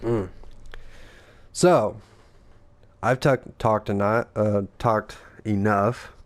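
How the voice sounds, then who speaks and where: A man's voice: on the low side, steady tone, very slow. A man and father, co-hosting a casual gaming chat, rambling and profane, acting out the lines people said. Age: adult father. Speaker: gaming podcast co-host.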